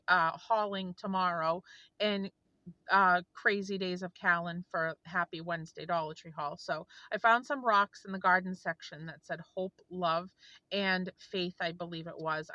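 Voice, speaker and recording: A woman's voice: medium pitch, pushed and bright, no echo, highs cut off. A woman vlogger telling a heartfelt story to her viewers in an earnest, rambling way. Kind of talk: casual storytelling to camera.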